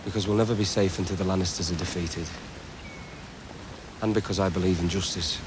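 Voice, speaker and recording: A man's voice: sits low, steady tone, brisk, noisy background, close to an everyday voice. An actor playing a young man, a determined king at war, who speaks earnestly and gives orders. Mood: resolute. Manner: earnest, commanding.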